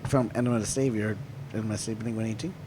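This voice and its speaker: A man's voice: on the low side, steady tone, racing, warm tone, slight background noise. A man co-hosting a podcast, steering the talk and quizzing the others. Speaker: podcast co-host. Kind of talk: casual chat.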